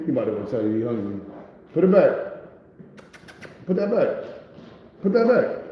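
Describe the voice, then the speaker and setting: A man telling a story to camera in a casual, animated way, with profane street slang and acted-out quotes. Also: medium pitch, slight background noise. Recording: echoey room with long reverb.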